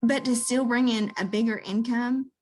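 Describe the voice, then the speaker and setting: A woman's voice: fairly high pitch, steady tone, normal speed. A woman chatting casually about her direct sales business, earnest and heartfelt, with plenty of fillers. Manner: earnest, warm-hearted testimonial with many fillers. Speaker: guest, direct sales seller. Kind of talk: casual chat.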